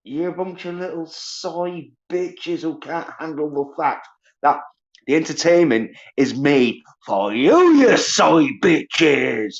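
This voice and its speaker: A man rants alone on a livestream, swearing constantly and dragging out his words slowly. His voice sits a little high for a man. The stream audio is dull and lo-fi. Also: animated. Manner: profane, ranting, mocks others in high whiny voices. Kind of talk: angry solo livestream rant.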